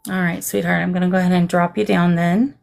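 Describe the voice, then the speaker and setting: A woman hosting a live stream as a psychic medium, speaking gently and soothingly and calling her guests darling. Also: lowish voice, level tone, quick pace, creaky, rough recording. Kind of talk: live-stream spirit reading.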